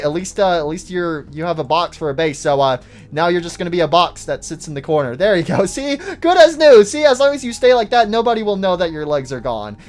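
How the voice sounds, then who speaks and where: A man commentating his own gameplay in a casual, excitable way, talking to the characters like pets and crying out when they fall. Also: a little high. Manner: excitable, shouts and cries out at falls; talks to game characters like pets. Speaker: gaming YouTuber.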